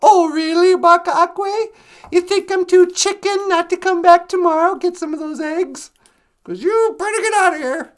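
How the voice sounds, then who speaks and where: A woman voicing a brash, fast-talking male fox. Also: sits high, sing-song. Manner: brash, slangy.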